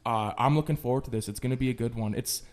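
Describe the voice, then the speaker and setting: A young man chatting casually on a podcast, halting and full of fillers. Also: mid-range voice, darkish tone. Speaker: podcast host. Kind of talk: casual chat.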